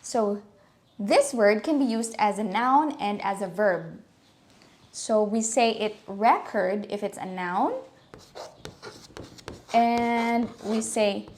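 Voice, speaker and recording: A young Filipino woman with a Filipino accent giving a casual pronunciation lesson, switching between Tagalog and English, playful and slowing down to show each word. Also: fairly high pitch, a little mellow. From Philippines. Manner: chatty, playful, laughs at own jokes, slows to demonstrate words. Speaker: pronunciation teacher.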